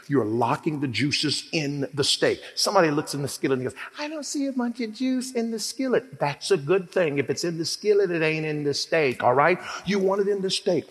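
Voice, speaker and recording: Animated preacher man in an echoey hall. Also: fairly high pitch. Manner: animated, humorous, calls for amens. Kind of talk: sermon. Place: church hall.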